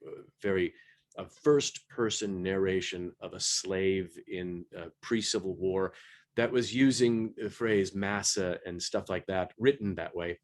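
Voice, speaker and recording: A man with a fairly low voice talks about his narration work in a panel discussion. He is lively and animated, restarting phrases and doubling words as he goes. He sounds middle-aged. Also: unhurried. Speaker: audiobook narrator.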